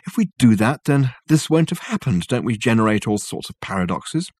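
A man's voice: medium pitch, big pitch swings, brisk, darkish tone, slightly rough, no room sound. A man voicing a puzzled younger man who raises doubtful questions.

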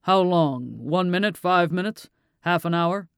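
A man's voice: sits high, a little slow, creaky, fairly bright tone, clean tone, dry recording, clean studio sound, heavily acted. A man voicing a pushy male judge who grills a police officer with insistent, needling questions. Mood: probing.

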